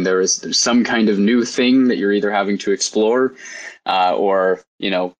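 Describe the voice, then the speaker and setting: A man hosting a live audio discussion, relaxed and rambling with frequent fillers. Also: on the low side, rough recording. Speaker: host.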